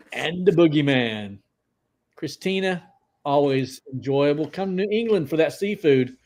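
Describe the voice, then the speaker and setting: A man's voice: fairly high pitch, moderate pace. Chatty livestream host, man. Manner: chatty, greets viewers by name, excitable. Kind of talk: casual livestream chat.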